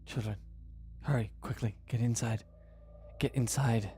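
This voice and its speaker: A man's voice: medium pitch, fairly even intonation, moderate pace, a little mellow, slight background noise, close to an everyday voice. A man voicing a male baker who urgently orders children to hurry to safety. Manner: urgent, commanding.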